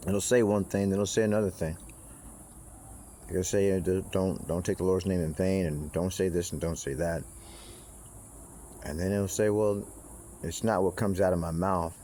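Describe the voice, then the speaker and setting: A man's voice: low voice, fairly even intonation, normal speed, pauses often, warm tone, a little hiss or hum. A man in a rambling, casual monologue who swears freely, circles back on himself and restarts his sentences. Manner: profane, meandering, with frequent restarts and asides.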